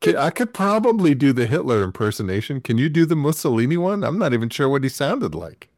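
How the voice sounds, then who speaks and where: A man co-hosting a casual podcast, tossing in quick jokes and laughing. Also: medium pitch, sing-song, darkish tone, no room sound, studio quality. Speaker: podcast co-host. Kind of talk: casual chat.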